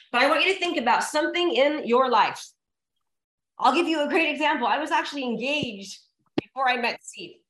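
Woman, high voice, motivational speaker coaxing a live crowd, echoey room. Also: fairly bright tone. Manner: emphatic and repetitive, coaxing the audience. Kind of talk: motivational talk to a live audience.

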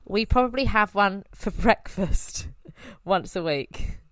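A chatty woman steers a relaxed podcast conversation. Her intonation is very lively and her voice is smooth and resonant. The recording is dry and close. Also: medium pitch, takes it slowly, no room sound. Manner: chatty, leads the conversation with questions. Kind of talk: casual chat.

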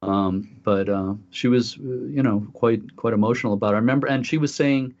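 A man's voice: mid-range voice, a little fast, a little mellow. A man co-hosting a talk show, telling a story casually with many fillers and restarts. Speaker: podcast co-host. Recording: dull lo-fi audio.

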